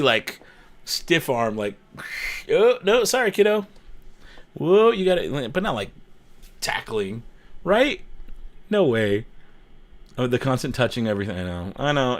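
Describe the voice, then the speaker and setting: A man hosting a casual livestream, chatting with viewers and reading their comments, joking, laughing often and repeating himself. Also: mid-range voice. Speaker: livestream host.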